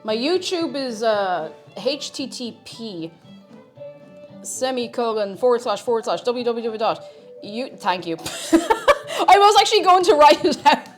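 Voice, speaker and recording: A woman streaming live, chatting casually in a scattered, playful way that breaks into sing-song and shouting. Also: fairly high pitch, sing-song, a little slow, faint music behind.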